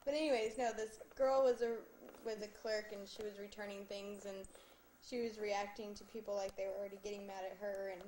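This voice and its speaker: A woman's voice: medium pitch, little pitch movement, a little fast, darkish tone. A woman filming a home video, chatting playfully and coaxing her baby in a sing-song way. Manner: playful, coaxing baby talk with frequent laughter. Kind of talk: casual home-video chat. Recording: faint background noise.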